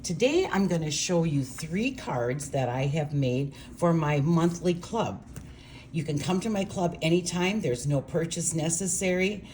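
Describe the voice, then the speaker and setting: An older woman from Minnesota, chatting warmly and gushing as she demonstrates card-making. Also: low voice, animated, unhurried, a little hiss or hum. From Minnesota, USA. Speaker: craft demonstrator.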